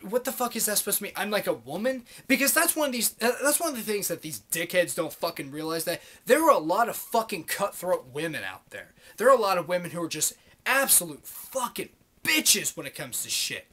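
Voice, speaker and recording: A man's voice: sits high, very animated, brisk, sharp tone. A man in his late twenties giving a profane, rambling, heated monologue to the camera as a vlogger. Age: late 20s.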